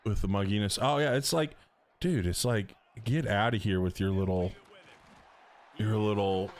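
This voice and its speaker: A man's voice: on the low side, normal speed. A middle-aged man from North Carolina, chatting casually and joking with viewers on a gaming stream. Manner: chatty, joking, slangy, reads chat aloud. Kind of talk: casual live-stream chat.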